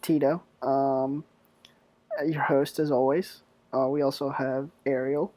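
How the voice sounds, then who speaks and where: A man's voice: mid-range voice, little pitch movement, takes it slowly, mellow, no echo. A young man hosting a casual podcast chat, joking and teasing his guests and laughing often. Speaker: podcast host.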